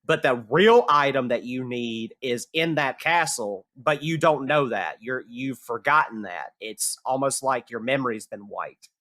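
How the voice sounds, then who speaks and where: A man's voice: medium pitch, lively intonation, a little slow, few pauses, bright, forceful tone, no echo. A man narrating a tabletop game as game master, casual and loose, with lots of "like" fillers.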